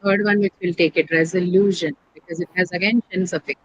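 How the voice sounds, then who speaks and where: A woman English teacher leads an online pronunciation lesson over a call. She works through each point patiently, posing questions and then answering them, and repeats the key words. A steady background noise sits under her voice. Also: lowish voice, a little fast, dull audio.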